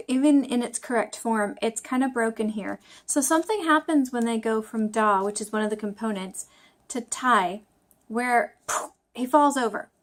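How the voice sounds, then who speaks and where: A woman talking casually to camera in a study vlog, thinking aloud, joking about her own mistakes, with frequent fillers and restarts. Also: on the high side. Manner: chatty, self-deprecating, thinking aloud with fillers. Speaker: language-learning vlogger.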